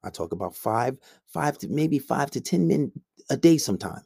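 A man's voice: medium pitch, very animated, moderate pace, creaky, a little mellow, husky, no echo, clean studio sound. Blunt, swearing male coach ranting. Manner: blunt, combative, heavy swearing. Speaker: men's coach. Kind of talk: profane ranting monologue.

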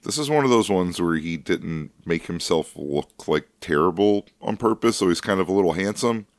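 A man with a very low, deep voice trades laid-back, joking comments about a film on a podcast. He hedges a lot and stops to search for words. His voice is recorded close and dry. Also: expressive, normal speed, no room sound. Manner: laid-back, wry asides with many hedges and fillers. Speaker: podcast co-host. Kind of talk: casual film discussion podcast.

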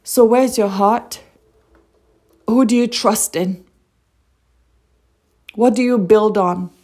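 Slow and mid-range with a darkish tone, this preacher delivers an earnest devotional sermon. She reads passages of scripture aloud, poses rhetorical questions, and returns to the same lines again.

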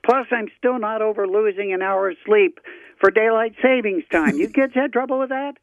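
A man's voice: sits high, moderate pace, no room sound. A man putting on a cranky old hardware store owner on a muffled phone line. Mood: flustered. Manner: rambling, flustered, mild cursing. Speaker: caller.

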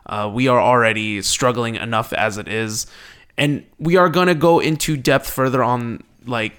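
A man co-hosting a casual sports podcast, excitable and quick to laugh. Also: medium pitch, clean tone. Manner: excitable, laughs often, restarts. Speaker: podcast co-host.

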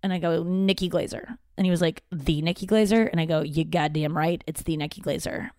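A woman's voice: on the low side, steady tone, a little fast, darkish tone, no room sound, clean studio sound. A woman hosting a podcast, telling stories in a chatty, profane, self-mocking way and quoting other people. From St. Louis area. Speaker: podcast host. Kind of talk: casual storytelling monologue. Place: father's home office.

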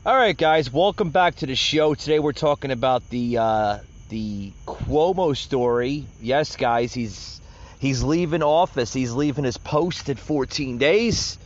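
A man's voice: medium pitch, a little slow. A man hosting a political podcast, rambling through casual commentary with many filler words and restarts. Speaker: podcast host. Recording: dull lo-fi recording.

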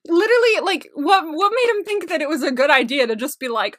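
A young woman co-hosting a casual podcast recap, loud and expressive, often breaking into laughter and mock outrage. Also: high voice, moderate pace. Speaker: podcast co-host.

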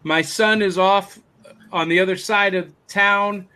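A man hosting a podcast over a video call, reading out listener comments in a relaxed, chatty way. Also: sits high, a little slow, clear, resonant tone. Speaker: podcast host.

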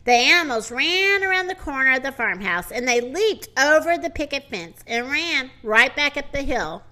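A woman reading a children's story aloud in an expressive, dramatic way. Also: high voice, normal speed.

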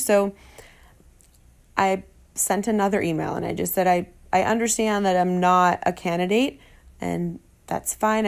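A woman, a fitness trainer, telling a personal story in an animated way and acting out the dialogue she quotes. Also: vocal fry. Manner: animated, acts out quoted dialogue with sarcastic jumps in pitch.

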